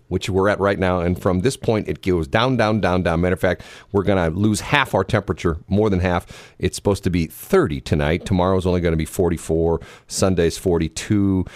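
A man hosting a radio show, telling a story in casual on-air chat, animated and laughing often. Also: sits low, no echo. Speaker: radio host.

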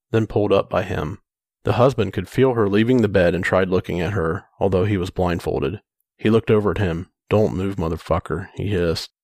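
A man's voice: deep voice, darkish tone, no echo, studio quality. A man co-hosting a podcast, reading true crime case details in a matter-of-fact way with casual asides. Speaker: podcast co-host.

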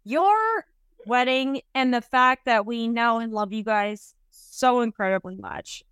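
Animated high-voiced woman. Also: a little slow, clear, resonant tone, no echo, studio quality, faint music behind. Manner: animated, gushing, swears casually. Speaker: co-host. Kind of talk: casual storytelling chat.

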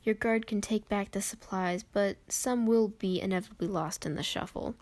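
A woman's voice: medium pitch, normal speed, darkish tone, dry recording. Lady reading her game guide into her phone, rambly and self-deprecating, dry room. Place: bedroom.

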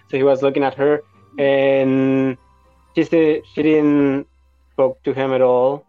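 A man telling a story in a halting, hesitant way with many pauses. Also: mid-range voice, level tone, clear, resonant tone, no echo, soft background music. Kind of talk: casual storytelling. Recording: tinny phone-like line.

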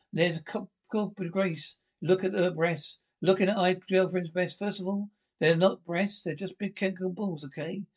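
A man with a notably high-pitched voice argues in quick sitcom exchanges. He sounds exasperated, pushing back line after line. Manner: bickering, exasperated back-and-forth. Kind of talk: sitcom dialogue from a TV show.

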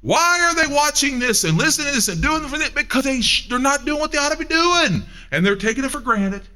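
A man preaching a sermon, emphatic, asking the listeners questions and swinging between loud and hushed. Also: very high voice, animated, fairly quick. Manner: asks the audience questions.

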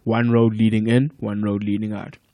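A man in his thirties from South Africa, a podcast guest telling stories in a relaxed, profane way and laughing often. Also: fairly low pitch, normal speed, dry recording. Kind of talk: casual chat.

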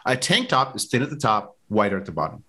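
Opinionated podcast co-host man, casual and animated in pitch. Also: quick pace, breathy edge. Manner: opinionated, gives tips, repeats himself. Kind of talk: casual chat.

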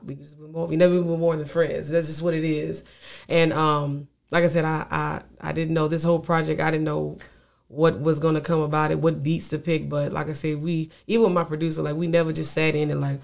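Young female songwriter guest, gravelly voice, rambling casual talk. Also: low-pitched, flat delivery, fairly quick, a little mellow. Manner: rambling, many "you know" fillers. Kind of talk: casual interview chat.

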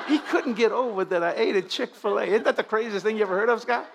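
An older man, preaching at a revival, moving from fervent shouted prayer to folksy storytelling. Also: high voice, fast, gravelly, hardly any pauses, noisy background. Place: church sanctuary.

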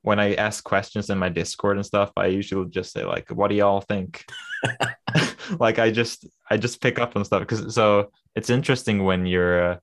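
A low-voiced Swedish man speaks English with an Americanized accent he picked up by listening. He talks in a casual, halting way, restarting his sentences often as a podcast guest. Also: fairly even intonation, a bit bright. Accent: Swedish-influenced American English. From Sweden. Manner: hesitant, many restarts and fillers. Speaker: podcast guest, digital artist.

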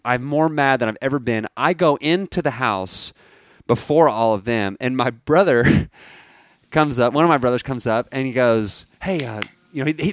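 A man's voice: medium pitch, no room sound. A man in his thirties co-hosting a podcast, telling a long story in a casual chat with frequent restarts. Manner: animated storyteller, restarts and laughs, bursts into shouts. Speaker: podcast co-host.

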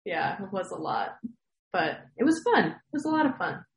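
A woman's voice: medium pitch, big pitch swings, normal speed, gravelly. A young woman, an athlete, chatting casually in an interview, with lots of fillers and easy laughter. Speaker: athlete guest. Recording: echoey room.

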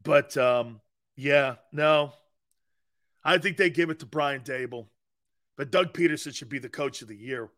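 A man's voice: medium pitch, measured pace, long pauses, a bit bright. A man hosting a sports talk show, delivering a brash, opinionated monologue that rambles and repeats its points.

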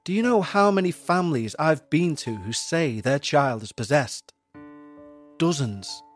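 A man's voice: a little high, animated, measured pace, soft background music. A man playing a patronizing, sceptical priest. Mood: condescending. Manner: sarcastic, soothing, condescending. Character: sceptical, patronizing middle-aged male priest.

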